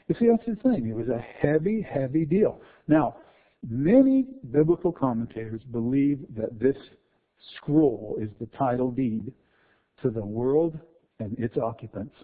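Prédicateur fervent, son de téléphone. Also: male voice, medium pitch, very animated, measured pace. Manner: emphatic, swings between hushed and fervent. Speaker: preacher. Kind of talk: expository sermon. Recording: tinny phone-like sound.

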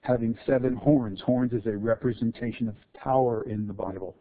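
A man preaching an expository sermon, swinging between hushed explanation and fervent emphasis, over a tinny, phone-like sound. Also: medium pitch, steady tone, moderate pace.

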